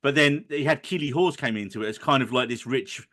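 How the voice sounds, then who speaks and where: A man's voice: mid-range voice, brisk, fairly bright tone. A man hosting a podcast chat, playful and mock-indignant while moderating friends. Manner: jokey, mock-angry. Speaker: podcast host.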